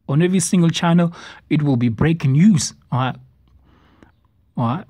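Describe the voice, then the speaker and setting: A man's voice: a little high, expressive, moderate pace, pauses often, warm tone, husky, dry recording. A man giving a preachy response-video commentary, stumbling over words as he reads passages aloud. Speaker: religious commentator. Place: South Africa.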